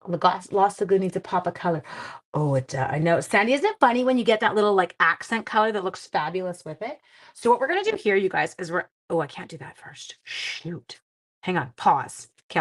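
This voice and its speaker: A middle-aged woman hosting a live card-making class, chatting with viewers as she works and wandering off into family stories. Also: fairly low pitch. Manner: talks to viewers while working with her hands. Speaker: crafting class host.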